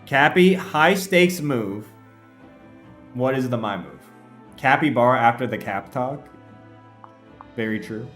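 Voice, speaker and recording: Lively, chatty male streamer in an echoey room. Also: medium pitch, slow pace, long pauses. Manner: chatty, laughs often, talks straight to his chat. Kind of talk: casual livestream chat and game commentary. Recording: echoey room with faint music.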